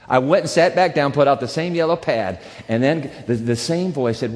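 A man preaching as a pastor, telling a personal story in a conversational, animated way and acting out the dialogue. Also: medium pitch, normal speed, hardly any pauses, in a large hall. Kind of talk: sermon storytelling.

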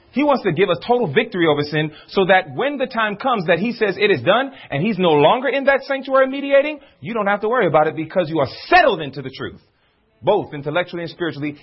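A man preaching a sermon to a congregation, using rhetorical questions and slowing down on words he stresses. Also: sits high, slightly rough. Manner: animated preaching, rhetorical questions, drawn-out emphasis. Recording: dull lo-fi recording.

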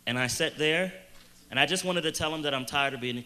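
A man on a youth panel telling a personal testimony, earnest and halting, slowing down hard on the phrases he wants to land. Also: fairly high pitch, pushed and bright. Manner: earnest storytelling with hesitant restarts and emphatic slowed phrases.

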